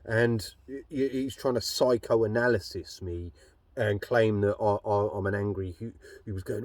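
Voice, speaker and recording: A man's voice: lowish voice, normal speed, darkish tone, no echo. A man telling a personal story in a blunt, rambling way, swearing heavily. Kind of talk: casual storytelling monologue.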